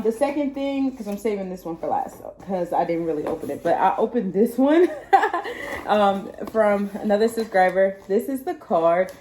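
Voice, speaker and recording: Excitable Texas woman, echoey room. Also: mid-range voice, a little hiss or hum. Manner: chatty, excitable, laughs often. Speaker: vlogger. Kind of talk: casual unboxing chat.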